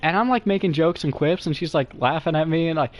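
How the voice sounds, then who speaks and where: A young man telling a comic story to friends in a rambling, profane, excitable way. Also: on the high side, fast, no echo.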